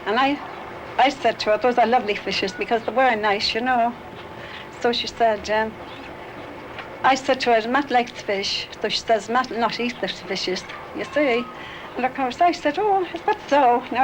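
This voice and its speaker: A woman's voice: on the high side, moderate pace. An older woman with a Dublin Irish accent, recalling a neighbour in a rambling, chatty way and acting out the dialogue. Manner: chatty, acts out quoted dialogue. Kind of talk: rambling reminiscence. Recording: noisy 1960s archive recording.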